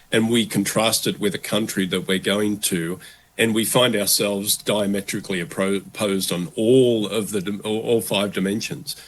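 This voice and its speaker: A man who is a guest in a business podcast interview, speaking in an animated way and acting out quoted thoughts. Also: on the low side. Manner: animated, acts out quoted voices. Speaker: guest, relocation consultant. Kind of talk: conversational interview.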